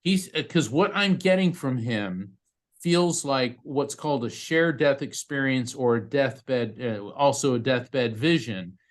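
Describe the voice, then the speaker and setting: A grieving parent gets a live reading over video from a psychic medium, a man with a mid-range voice. He talks in a chatty, hesitant style, full of fillers and restarted thoughts.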